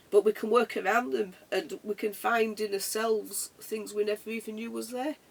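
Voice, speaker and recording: Vlogger talking from the heart, raspy husky voice, repeats stuff, sounds a bit far off the mic. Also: mid-range voice. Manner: earnest, reflective, repeats phrases. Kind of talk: heartfelt motivational monologue.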